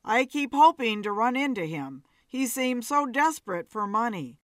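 A woman voicing a fussy, whiny gentleman in glasses. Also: on the high side, expressive, normal speed, no room sound, clean studio sound. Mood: polite. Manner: polite, slightly whiny. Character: fussy bespectacled man in bow tie.

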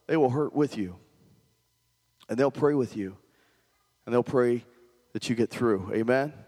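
A man's voice: medium pitch, a little mellow, big-room sound. A male pastor preaching a conversational sermon and often asking the congregation questions.

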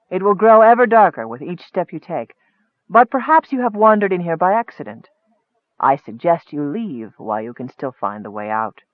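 A man voicing a sinister, frail male wizard who speaks softly with a hiss and a calm sneer. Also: on the high side, no room sound. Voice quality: soft hissing voice. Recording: tinny phone-like dry sound.

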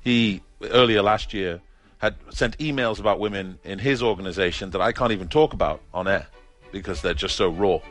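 A man with a fairly low voice, arguing an opinion segment earnestly and forcefully. Faint music sits quietly behind him. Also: fairly quick. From Britain. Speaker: commentator. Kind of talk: opinion monologue.

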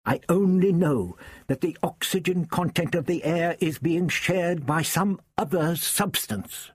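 Man voicing an old proud grandfather, hoarse, clipped formal speech, raised pitch. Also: unhurried, dry recording. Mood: weary.

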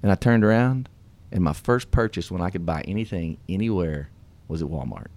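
A middle-aged man hosting a radio show, telling his story in an earnest, animated, folksy way. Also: deep voice, fairly quick. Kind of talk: casual storytelling and motivational talk.

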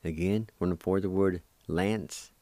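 A man hosting a radio language lesson, slowly spelling and repeating words syllable by syllable. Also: deep voice, steady tone, dark tone, dry recording. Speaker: radio host teaching language. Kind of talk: slow spelled-out word lesson.

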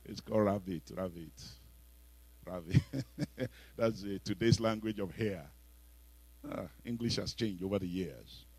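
A man with a Nigerian accent preaching a sermon, telling stories and breaking into sudden loud exhortations. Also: on the low side, moderate pace, breathy edge, no room sound, rough recording.

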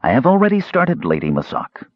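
A man's voice: mid-range voice, wildly swooping pitch, a little fast, no echo, lo-fi sound, voice pushed up. A man voicing a cool, sneering male mage in an audiobook. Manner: slight sneer.

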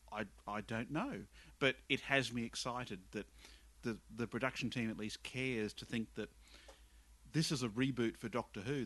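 Bright-voiced enthusiastic podcast host man. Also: mid-range voice. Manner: enthusiastic, halting with repeated words. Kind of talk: casual podcast chat.

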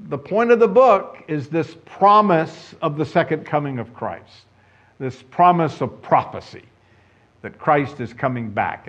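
Emphatic preacher man, lo-fi sound. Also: a little high. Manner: emphatic, conversational, asks the congregation questions. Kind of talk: sermon. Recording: dull lo-fi sound.

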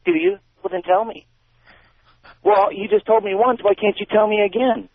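A male caller voicing a jealous, bossy wife who accuses her husband in a shrill, swooping voice. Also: sing-song, normal speed, creaky, no echo, exaggerated voice. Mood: whiny. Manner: shrill mock falsetto, swinging up and down. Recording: tinny phone line, dry.

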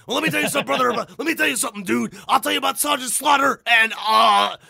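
A man doing an impression of a loud veteran wrestler cutting a promo, calling everyone brother. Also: very high-pitched, rapid-fire, gravelly, no room sound, studio quality, voice pushed up, heavily acted. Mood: shouting. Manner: shouty catchphrase promo, calls everyone brother.

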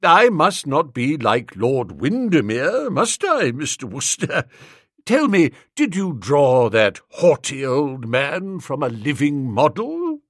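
A man voicing a sentimental elderly lord who speaks slowly, in a hushed, doddering way. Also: on the high side, huge pitch swings, dry recording, clean studio sound, heavily acted. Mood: moved.

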